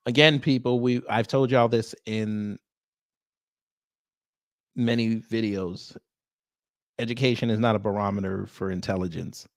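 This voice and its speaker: A man's voice: lowish voice, steady tone, unhurried, creaky, pauses often, no room sound. Man drawling wry reaction commentary. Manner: wry, drawling asides between read-out comments. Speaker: reaction video host.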